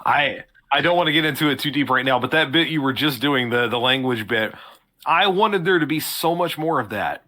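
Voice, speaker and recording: A man's voice: mid-range voice, lively intonation, a little fast, pushed and bright. A man co-hosting a podcast in a casual film review chat, emphatic and swearing. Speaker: podcast co-host.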